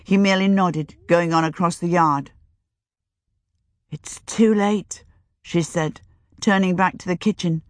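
A woman narrating an audiobook in a measured, even manner. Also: fairly low pitch, no echo, studio quality.

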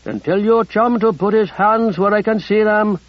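A man voicing a steady young soldier in an audiobook, calling out firm commands with a raised voice. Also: high-pitched, moderate pace, no room sound, lo-fi sound, pitched above the performer's own voice. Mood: commanding.

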